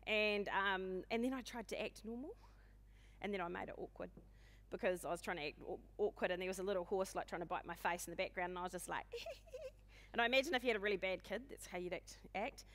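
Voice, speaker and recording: The conference keynote comes from a forty-something woman with a New Zealand accent, whose fast, loud, booming delivery is full of self-deprecating humor. The sound carries a long reverb from the hall.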